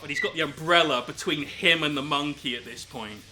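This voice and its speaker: A man's voice: on the high side, normal speed, pushed and bright, faint music behind. A British man casually telling a rambling, swear-filled story while painting miniatures on stream.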